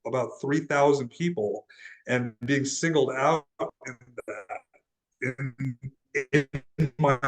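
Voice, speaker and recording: A man's voice: medium pitch, slow pace, rough recording. Earnest young man telling his story. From Laredo, Texas, USA. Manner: earnest, often restarts and repeats words. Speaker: interview guest, transformational guide. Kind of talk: casual storytelling in an interview.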